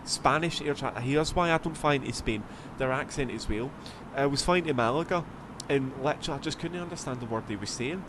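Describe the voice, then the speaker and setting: A man's voice: mid-range voice, fairly quick. Chatty Scottish man over engine hum. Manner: rambling, chatty, swears casually. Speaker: flight sim streamer. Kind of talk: casual gameplay commentary.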